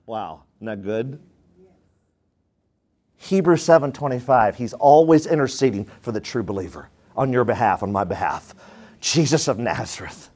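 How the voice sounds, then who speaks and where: A man preaching a sermon, emphatic and asking the congregation questions, swinging between loud declarations and quiet asides. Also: medium pitch, expressive, moderate pace. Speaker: pastor.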